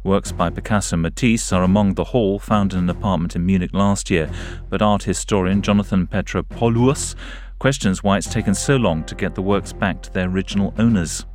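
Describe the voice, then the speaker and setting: A man reading a radio news bulletin in a measured, formal delivery. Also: low-pitched, a little mellow. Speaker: newsreader.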